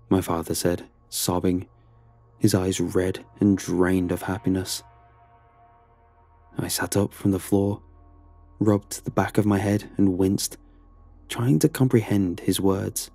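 A man narrating a horror story in a slow, low, brooding way. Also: steady tone, vocal fry, mellow, no echo. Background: faint music.

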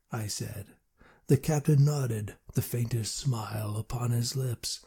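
A man's voice: medium pitch, unhurried, dark tone, breathy edge. Man narrating a fantasy audiobook.

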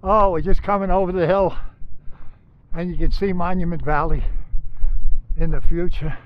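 A man's voice: sits high, fairly even intonation, normal speed, lo-fi sound. A man in his seventies, out of breath and awestruck, narrating his travel vlog outdoors on a windy hilltop. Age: 70s. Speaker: travel vlogger.

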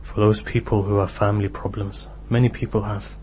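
Man preaching a sermon in a low voice. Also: level tone, fairly quick, darkish tone, slight background noise, poor audio. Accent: British. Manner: storytelling, rising to impassioned exhortation. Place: mosque hall.

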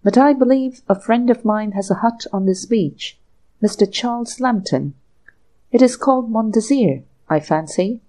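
A woman's voice: fairly high pitch, lively intonation, moderate pace, mellow, pitched above the performer's own voice, close to an everyday voice. A woman reading the part of a nervous, polite young man who stammers under pressure. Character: nervous young man caught out, trying to seem dignified.

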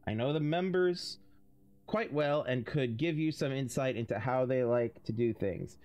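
Guy doing a polite older business type in a fake british accent, kinda quick and formal. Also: mid-range voice, darkish tone, natural voice. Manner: brisk, formal letter-reading.

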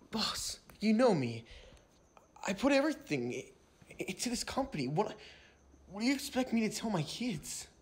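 A man's voice: high voice, sing-song, normal speed, long pauses, slightly rough, exaggerated voice. A man playing a bitter fired office worker. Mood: upset. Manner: emotional, swearing, stumbling. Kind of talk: amateur game-video voice acting.

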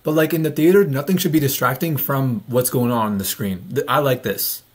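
A man's voice: medium pitch, fairly quick, breathy edge. A man hosting a reaction video, talking bluntly and mocking what he watches in casual, sarcastic commentary.

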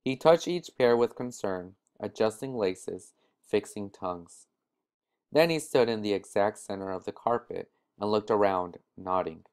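A man reading a short story aloud in a measured way, now and then restarting a word. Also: lowish voice, a little mellow, clean tone. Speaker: reader.

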